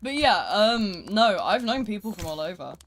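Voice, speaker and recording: A British live streamer chatting casually and rambling while gaming, swinging between loud asides and quiet mutters. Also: mid-range voice, sing-song, moderate pace, a little hiss or hum.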